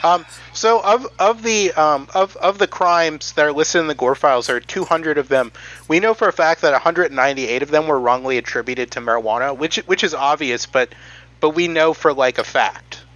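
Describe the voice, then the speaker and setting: Podcast host, man, bright and slightly high, halting with lots of ums. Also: lo-fi sound. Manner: halting, many ums, reading quotes aloud. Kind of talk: casual podcast chat.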